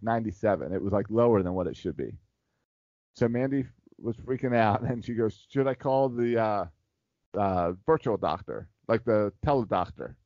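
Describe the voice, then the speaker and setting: A man co-hosting a casual podcast chat tells a long, rambling story, laughing often and using plenty of filler words. His voice is lowish and dark, with no room sound and the highs cut off.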